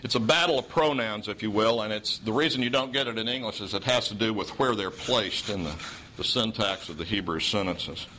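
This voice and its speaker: Man, Southern accent, preacher, storytelling sermon, dry humor, bright forceful tone. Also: fairly low pitch, brisk, a little hiss or hum, poor audio. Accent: Southern US (Oklahoma). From Oklahoma.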